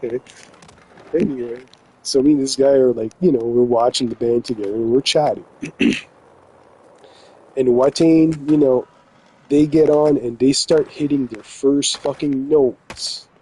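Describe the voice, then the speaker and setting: A man's voice: medium pitch, a little slow, long pauses, dark tone, husky, poor audio. Profane, rambling man from New Brunswick. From New Brunswick, Canada. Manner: profane, rambling, laughs often. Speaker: gaming vlogger telling a story. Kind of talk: casual storytelling.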